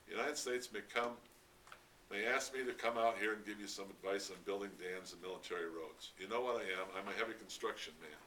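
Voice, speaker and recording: A man voicing a gruff older American construction engineer who speaks bluntly and swears impatiently, read from a distance with faint noise. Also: on the low side, a little fast, pushed and bright.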